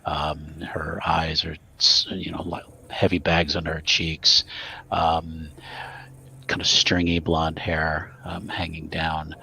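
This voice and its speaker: A man narrating as game master of a tabletop horror game, halting with many fillers and restarts. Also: a bass voice, completely flat delivery, creaky, bright, forceful tone, a little hiss or hum.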